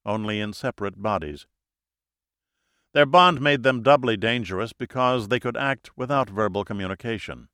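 A man narrating a thriller audiobook in a measured, dramatic storytelling manner. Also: mid-range voice, pushed and bright, clean tone, no room sound, studio quality.

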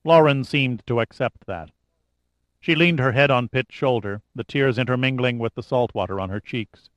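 A man's voice: mid-range voice, normal speed, dry recording. Man narrating a dramatic audiobook. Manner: steady dramatic reading. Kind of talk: scripted narration.

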